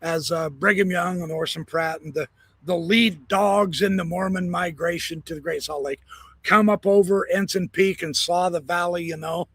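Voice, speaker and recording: Jokey backyard streamer, a man with a husky, slightly high voice who rambles cheerfully. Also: steady tone, normal speed, a bit bright, no echo. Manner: rambling, jokey, laughs at own jokes. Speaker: live stream host. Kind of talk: casual live-stream chat. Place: backyard, outdoors.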